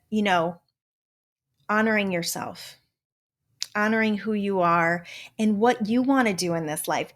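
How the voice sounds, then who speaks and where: Older woman, podcast host, emphatic motivational talk, blunt, casual swearing, mid-range voice. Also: mid-range voice. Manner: jokingly slips into a Southern drawl. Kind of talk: motivational self-help talk.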